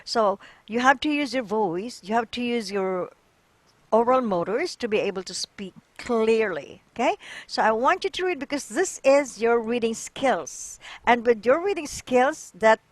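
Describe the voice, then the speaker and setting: A woman's voice: fairly high pitch, dry recording. A woman teaching English and coaching a learner through a reading, patient, often checking in with "okay?" and "right?".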